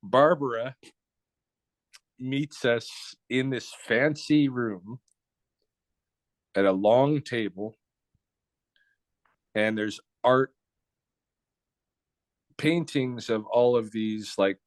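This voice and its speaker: A man's voice: medium pitch, very slow, long pauses, dry recording. Blunt middle-aged man telling a story. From Blackfoot Nation, North America. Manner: relaxed, conversational, with short restarts. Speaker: interview guest. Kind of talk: casual storytelling interview.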